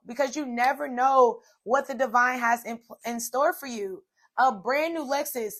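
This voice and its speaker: A woman's voice: high voice, a little slow, fairly bright tone. A woman in her twenties hosting a solo podcast, telling a personal story in a chatty, casual way with many fillers. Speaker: podcast host.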